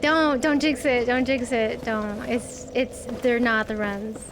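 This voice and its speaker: High-voiced jumpy woman gaming. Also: fairly even intonation, slow pace, noisy background. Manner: jumpy, swearing, nervous laughter; talks to enemies on screen. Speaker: streamer. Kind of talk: live gameplay commentary.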